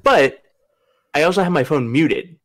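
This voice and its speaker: A man's voice: a little high, expressive, a little slow, fairly bright tone. Young man, casual podcast chat, rambling, laughs a lot, swears. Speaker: podcast host.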